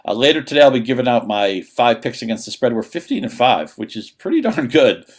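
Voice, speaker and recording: A man appearing as a fantasy football analyst on a sports radio show, breaking down players in a rapid, analytical way. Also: mid-range voice, sing-song. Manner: rapid, analytical, with quick restarts. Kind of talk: casual sports radio chat.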